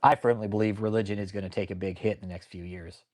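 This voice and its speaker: A man hosting his own channel, ranting angrily and swearing nonstop, pausing to answer viewers in the live chat. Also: fairly low pitch, fairly even intonation, darkish tone. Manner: angry, swears constantly. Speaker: channel host. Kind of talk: profane ranting commentary with live chat replies.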